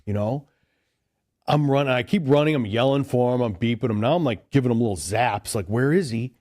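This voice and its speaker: A man's voice: mid-range voice, fairly quick, a little mellow, no echo, studio quality. A man from Chicago, a podcast guest, telling a long story in a loose, rambling way, full of "like" and "dude". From Chicago, USA. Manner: rambling, heavy use of "like" and "dude". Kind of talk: casual storytelling.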